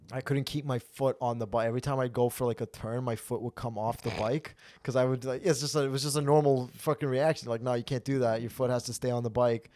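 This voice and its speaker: Profane, animated young man telling a story. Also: medium pitch, no room sound, clean studio sound. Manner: animated, profane, gets loud when ranting. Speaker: podcast host. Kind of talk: casual comedic storytelling.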